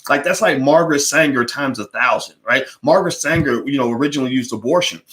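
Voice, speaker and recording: A man's voice: medium pitch, fast talker, fairly bright tone. A man delivering an emphatic, preachy monologue to his listeners, often repeating words as he pushes his point. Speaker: political commentator. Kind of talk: opinionated monologue.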